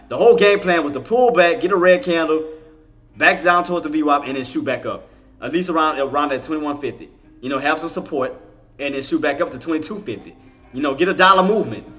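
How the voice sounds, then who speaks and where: A day trading livestream host gives live market commentary in casual slang, frequently venting his frustration, repeating himself, and muttering curses. His voice is slightly high with a sharp tone.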